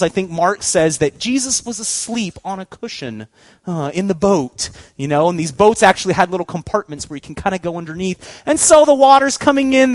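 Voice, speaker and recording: Lively high-voiced man preaching. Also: no echo. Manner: animated, acts out voices, laughs often. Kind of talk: storytelling sermon.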